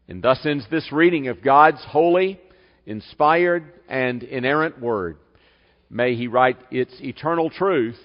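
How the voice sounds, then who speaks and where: Slow, deliberate preaching man in a church hall. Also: medium pitch, muffled recording. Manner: measured preaching with slow, emphatic scripture reading. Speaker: pastor. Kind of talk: sermon. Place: church sanctuary.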